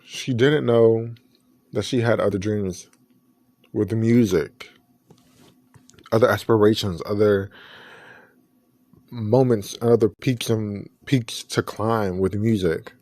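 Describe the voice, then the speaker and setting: In a dry, studio-quality recording, a man whose voice is low and darkish hosts his own podcast. He talks earnestly and reflectively in personal commentary, often beginning his sentences afresh.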